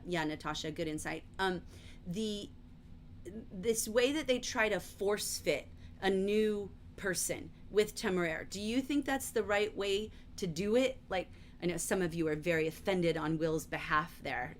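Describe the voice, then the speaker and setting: A middle-aged woman teaching a livestreamed literature lesson, chatty and explanatory, often filling pauses with "um" and "like". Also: fairly low pitch, slight background noise. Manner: chatty, explanatory, frequent fillers like "um" and "like". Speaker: teacher leading a novel study.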